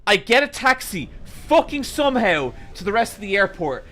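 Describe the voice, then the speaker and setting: Man, young adult, high voice, profane rambling storyteller, exasperated, streamer chatting, faint background music. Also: sing-song, moderate pace, sharp tone. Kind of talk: casual storytelling to stream chat.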